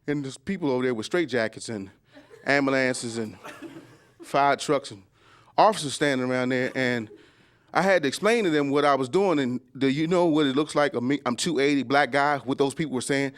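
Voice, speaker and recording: A man in his forties doing a stand-up comedy story, jumping into high squeals when he acts out quotes. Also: fairly quick. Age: 40s. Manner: animated, jumps into high squeals acting out quotes.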